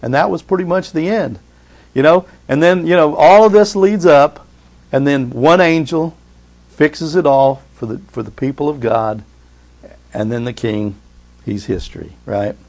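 A man's voice: a little high, normal speed, darkish tone. A middle-aged man preaches with emphatic, rising delivery, reading scripture aloud as a pastor. He keeps turning to the congregation with short questions as he goes. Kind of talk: sermon.

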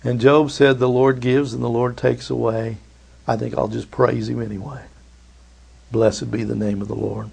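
A man's voice: medium pitch, flat delivery, normal speed, gravelly, a little mellow, breathy edge. A man preaching a sermon, reading scripture and acting out the voices of biblical figures.

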